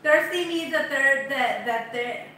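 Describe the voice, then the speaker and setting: Woman, off-mic, matter-of-fact, high pitch, bright tone, echoey room. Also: measured pace. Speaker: host's partner off to the side.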